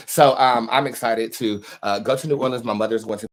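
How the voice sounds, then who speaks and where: A man's voice: mid-range voice, steady tone, a little fast, few pauses. A man hosting a tarot live stream, chatting casually and telling stories to his viewers with frequent ums and uhs. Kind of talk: casual chat to a live audience.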